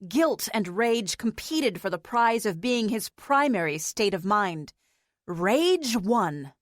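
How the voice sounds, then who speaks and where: A woman's voice: medium pitch, expressive, takes it slowly, no echo. Woman narrating an audiobook, dry sound.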